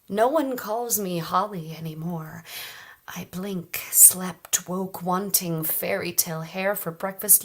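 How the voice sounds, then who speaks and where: A woman reads poetry at an open mic in a soft, measured way. Her voice has a husky, airy texture, and she takes her time, letting phrases fall to a hush. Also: fairly low pitch. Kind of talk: poetry reading.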